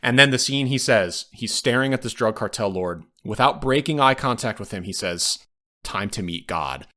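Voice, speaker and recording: A podcast co-host casually retells film scenes, acting out the quoted lines as part of a relaxed film review chat. His voice is mid-range and bright, delivered at a moderate pace with a forceful tone.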